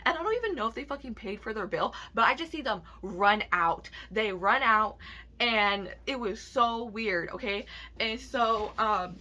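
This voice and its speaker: A woman's voice: on the high side, animated, measured pace, pushed and bright. A young woman telling a personal story in a rambling, profane vlog rant full of "like". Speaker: vlogger.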